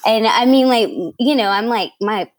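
This young woman from New York City has a slightly high voice and talks at a normal speed. As an interview guest, she shares stories casually, laughing, filling pauses with fillers, and acting out what people said.

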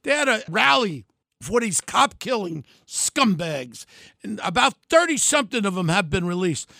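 An older man delivering a fiery political rant, yelling and name-calling. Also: high-pitched, sing-song, normal speed, gravelly, dry recording, studio quality. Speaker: political commentator.

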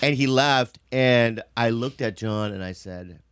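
A man's voice: mid-range voice, unhurried, smooth, no room sound, studio quality. A man, a comedian, chatting casually and telling rambling stories with restarts and many tag questions. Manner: rambling storyteller, restarts and frequent "right?"; animated, acts out voices in his stories. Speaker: comedian and actor. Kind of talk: casual chat.

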